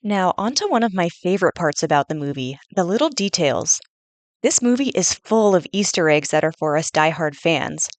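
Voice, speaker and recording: A woman's voice: fairly low pitch, expressive, moderate pace, no room sound. A young woman reading a scripted fan review as a voice-over into a gaming headset, earnest and detailed.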